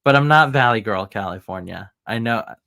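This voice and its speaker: A man's voice: lowish voice, lively intonation, a little fast, creaky, sharp tone, no echo, clean studio sound. A man from Maryland, a podcast guest, talking casually in a hesitant way and laughing often. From United States, grew up in Maryland. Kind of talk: casual chat.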